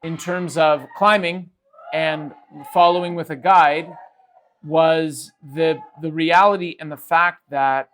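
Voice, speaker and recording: A man's voice: a little high, fairly even intonation, slow, a bit bright. A male podcast host telling a casual story, rambling and restarting his sentences often. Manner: rambling, with frequent restarts and fillers.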